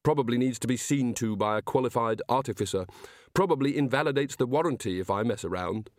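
A man's voice: mid-range voice, fast, no echo, studio quality, natural voice. A man voicing a flustered, grumbling wizard who mumbles to himself.

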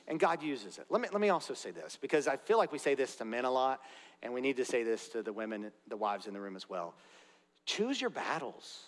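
A man's voice: medium pitch, very animated, a little fast. Earnest preaching man in a reverberant hall. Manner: earnest preaching with conversational asides. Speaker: pastor. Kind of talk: sermon. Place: church sanctuary. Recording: long reverb of a large hall.

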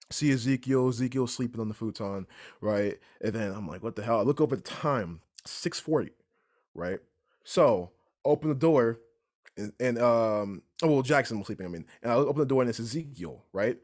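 A young man telling a story in casual chat, animated and repeatedly asking "right?". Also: medium pitch. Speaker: podcast guest storyteller.

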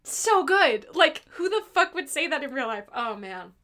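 Young woman, high voice, giggly, animated chat, swears casually. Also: moderate pace.

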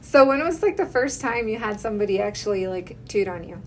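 A woman's voice: mid-range voice, a little fast, slight background noise. A woman esthetician in her thirties hosting a casual chat, telling stories with lots of giggling. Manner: giggly, animated storyteller.

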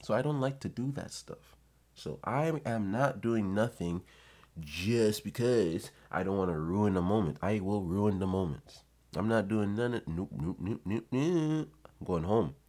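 A man's voice: lowish voice, a little slow, mellow. A man giving blunt, profane advice in a casual rant to his viewers.

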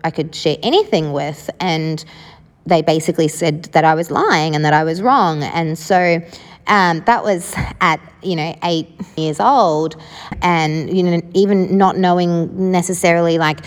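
A woman's voice: lowish voice, a little slow, long reverb tail. A woman telling her own life story in a frank, casual way, swearing freely and often saying "like". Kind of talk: candid personal storytelling.

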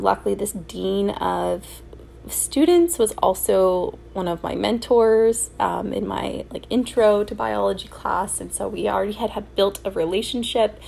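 A woman's voice: mid-range voice, vocal fry, slight background noise. A young woman hosting a solo podcast, telling personal stories in a candid, emotional way with many fillers and restarts. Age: young adult. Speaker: podcast host.

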